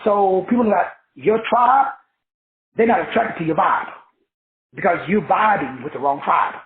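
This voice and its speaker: A man's voice: high voice, unhurried. A man called Doc giving a motivational class, preachy and profane, riffing in rhymes as he teaches. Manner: preachy, profane, rhyming riffs. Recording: tinny phone-like sound in an echoey room.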